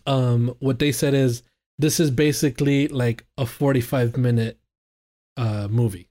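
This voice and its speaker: A man's voice: medium pitch, steady tone, unhurried, dark tone. A man co-hosting a video game podcast, chatting casually and enthusiastically with lots of fillers. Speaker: podcast co-host. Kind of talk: casual chat.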